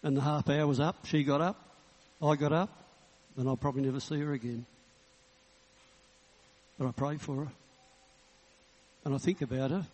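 A man's voice: fairly high pitch, fairly even intonation, normal speed, long pauses, a little mellow. A man in his sixties, a Baptist minister, delivers a sermon in a humorous, conversational storytelling manner and closes in prayer. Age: 60s. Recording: reverberant hall.

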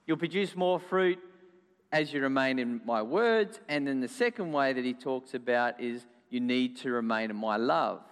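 A man, a pastor, telling a children's story and preaching in a church with animated delivery. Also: medium pitch, normal speed, clear, resonant tone. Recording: echoey hall.

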